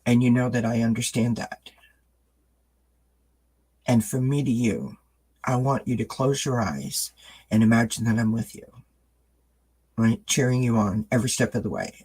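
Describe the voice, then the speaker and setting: A man's voice: medium pitch, steady tone, moderate pace, pauses often, a little mellow, breathy edge, low-quality recording. A man giving a live-streamed tarot reading, reassuring his viewers and greeting the chat by name. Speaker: tarot reader.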